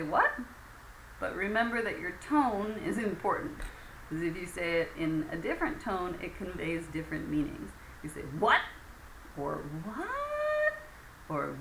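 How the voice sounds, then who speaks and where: A woman teaching an English conversation lesson in a patient way, with many fillers, acting out example phrases. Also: lowish voice. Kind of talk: recorded lecture. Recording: echoey room with faint ambient noise.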